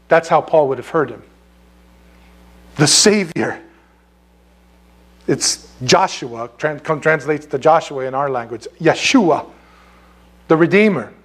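A man's voice: a little high, expressive, slow pace, long pauses. A man preaching a blunt, impassioned sermon, full of rhetorical questions, in an air-conditioned church. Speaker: pastor.

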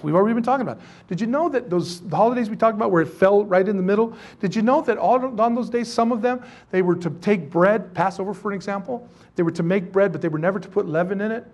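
High-voiced man preaching a lively sermon. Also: fast talker, hardly any pauses. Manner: animated, joking, asks rhetorical questions. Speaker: pastor. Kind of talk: sermon teaching to a congregation.

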